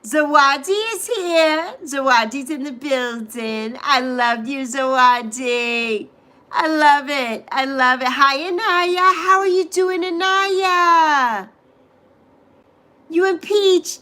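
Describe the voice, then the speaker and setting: A woman's voice: high voice, slow pace, bright, forceful tone. A middle-aged woman hosting a casual livestream, greeting viewers by name and repeating phrases with gushing affection. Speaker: livestream host.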